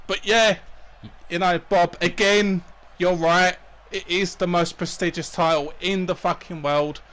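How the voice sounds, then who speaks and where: A man's voice: high-pitched, a bit bright. A man doing wrestling co-commentary, bantering and swearing with his partner. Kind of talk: profane play-by-play commentary.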